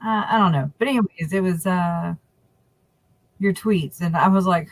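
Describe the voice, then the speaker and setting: A woman co-hosting a livestream chat in a lowish, dry-sounding voice. She talks in a casual, opinionated way. She breaks into laughing asides as she goes. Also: normal speed, no echo, low-quality recording. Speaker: livestream co-host.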